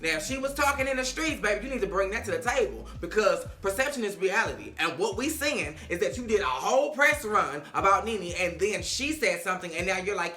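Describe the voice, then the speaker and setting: A woman's voice: mid-range voice, big pitch swings, a little fast, hardly any pauses, pushed and bright. A woman recapping reality TV in a casual, blunt and sassy way, swearing freely and talking straight to the cast. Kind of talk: casual, profane TV recap vlog. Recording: echoey room, faint music.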